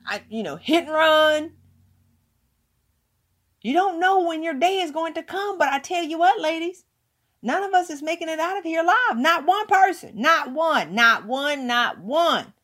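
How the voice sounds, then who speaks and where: A woman giving an emphatic motivational talk, hammering points home with repeated words. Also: high voice. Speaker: motivational speaker.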